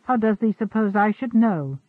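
A man playing a calm, pious Quaker farmer who speaks courteously in old thee-and-thou phrasing. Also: high voice, normal speed, no room sound, phone-quality sound, voice pushed up.

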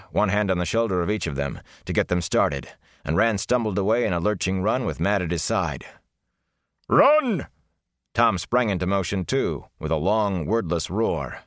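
A man narrating a fantasy novel in a measured, deliberate storytelling manner, recorded on a close mic. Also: low-pitched, no echo. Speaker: audiobook narrator.

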